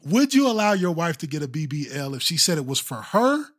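A man co-hosting a podcast, chatting casually and telling animated, laughing stories. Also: on the high side, fairly quick. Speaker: podcast co-host.

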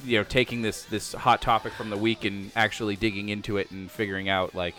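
A man co-hosting a casual podcast, excitable and tripping over his words. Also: on the low side, fairly quick, music in the background. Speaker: podcast co-host. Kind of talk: casual chat.

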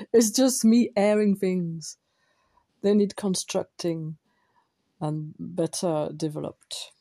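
A woman's voice: lowish voice, fairly even intonation, drawn-out words, pauses often, dark tone. A French woman with a French accent, talking alone in a casual, rambling podcast monologue, drifting off track and poking fun at herself. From France. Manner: digressive, self-deprecating, thinking aloud.

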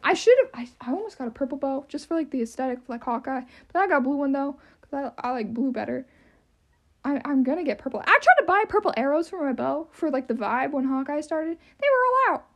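A young woman with a high, squeaky voice hosting her own podcast, rambling casually with lots of "um" and "like" and self-deprecating asides. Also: lively intonation, fast talker. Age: young adult. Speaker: podcast host.

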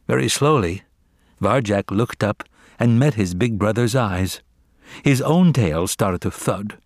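A man narrates a storybook slowly and deliberately, lower-pitched, with a lively, rising and falling delivery. The recording is dry and close, with no room sound. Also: dry recording. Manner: expressive, measured storytelling. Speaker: audiobook reader. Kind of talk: scripted narration.

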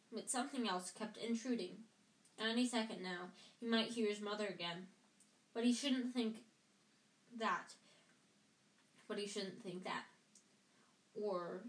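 A woman's voice: medium pitch, a bit bright. A woman reading a novel aloud casually at home, sometimes stumbling and rereading lines. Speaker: audiobook reader. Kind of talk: amateur book reading. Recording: roomy echo.

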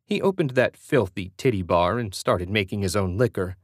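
A male audiobook narrator with a lowish voice reads in a steady, even way. The recording is close and very dry, with no room around it. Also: moderate pace, no echo. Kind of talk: scripted narration.

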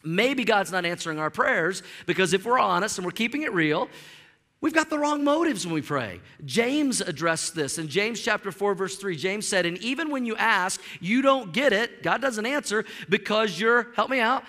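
High bright-voiced middle-aged preacher. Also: male voice, normal speed, in a large hall. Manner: animated, storytelling, repeats words when excited. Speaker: pastor. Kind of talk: sermon. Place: church sanctuary.

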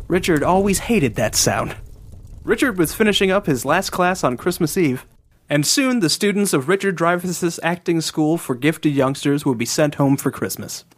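Male comedy narrator, cozy storybook delivery, slightly high voice. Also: slight background noise. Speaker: narrator and co-host.

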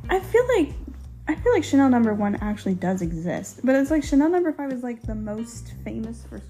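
A woman's voice: a little high, big pitch swings, fairly quick, warm tone, soft background music. A young woman co-hosting a podcast in casual chat, teasing and giggly, with lots of "like" in her speech. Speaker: podcast co-host.

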